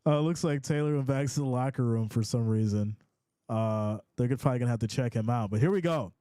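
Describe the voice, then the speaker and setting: A man hosting a casual live sports reaction stream, reading chat comments aloud in a playful, animated way. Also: mid-range voice, brisk, clear, resonant tone, dry recording, studio quality. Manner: animated and playful, often laughs.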